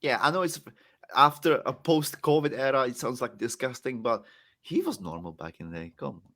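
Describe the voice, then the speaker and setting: A young man from the Czech Republic with a Czech accent, chatting casually as a podcast guest and laughing often. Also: normal speed. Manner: animated, laughs often, swings between excited and low. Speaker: guest wrestler.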